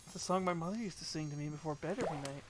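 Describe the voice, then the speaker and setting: A man putting on a soft motherly huntress. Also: a little high, very fast, a little hiss or hum, close to an everyday voice. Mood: tender. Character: gentle female hunter, soft-spoken mother type.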